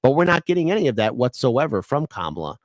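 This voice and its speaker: A man hosts a political commentary show, reading documents aloud in a halting, stuttering way. His voice sits in the middle range for a man. It is recorded close and dry, with no room echo. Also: medium pitch, very animated. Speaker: host.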